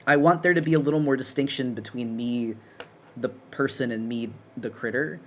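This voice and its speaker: A man's voice: medium pitch, normal speed, slight background noise. A man streaming while he draws, chatting casually in a rambling, self-correcting way. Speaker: streamer and artist. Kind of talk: casual live-stream chat while drawing.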